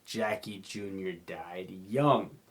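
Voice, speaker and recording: A man's voice: low voice, slow pace. A young man hosting a rambling solo podcast, drunk and sleepy, slurring and apologizing as he talks. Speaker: podcast host.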